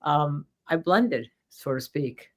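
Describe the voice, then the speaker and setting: Co-hosting a laid-back legal commentary show, this New Jersey-accented trial lawyer talks in a low, animated, slow voice, full of fillers and false starts.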